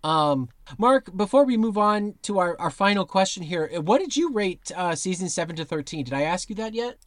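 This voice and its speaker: A man's voice: high-pitched, animated, moderate pace, no echo. A man co-hosting a podcast in casual chat, easygoing, with short replies. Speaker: podcast co-host.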